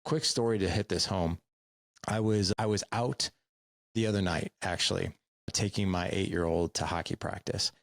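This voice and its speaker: A man's voice: low-pitched, fairly even intonation, normal speed, gravelly, dry recording. A middle-aged man hosting a podcast, telling a personal story in an earnest, candid way, often repeating words for emphasis. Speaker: podcast host.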